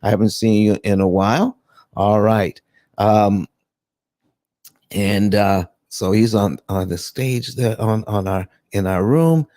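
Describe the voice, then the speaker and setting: A man with a mellow, fairly low voice hosts a live online room about paying off home loans. He talks loosely, restarts his sentences often and greets his listeners one by one. The sound is dry and close, with no room around it. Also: slow, no room sound. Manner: loose and rambling, many restarts and fillers, calls out listeners by name. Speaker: host of a live audio room on paying off mortgages. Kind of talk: casual live room hosting, explaining finance.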